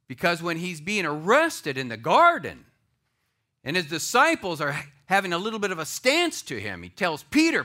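A male pastor delivers a sermon to a live church audience with a raised, bright, ringing voice. His pitch leaps and falls expressively. He swings from loud declarations to hushed, near-whispered asides. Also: huge pitch swings, normal speed.

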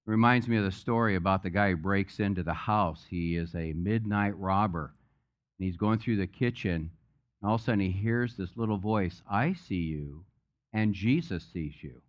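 A man's voice: low voice, fairly even intonation, normal speed, muffled recording. A man preaching a sermon as pastor, speaking conversationally and mixing in jokes. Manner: conversational, joke-telling preacher. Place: church sanctuary.

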